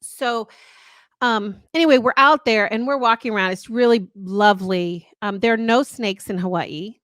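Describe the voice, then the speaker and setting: A woman's voice: on the high side, moderate pace, a bit bright, dry recording. Woman, middle-aged, podcast co-host, earnest rambling storyteller, dry close sound. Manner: earnest, rambling, with many restarts. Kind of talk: casual storytelling chat.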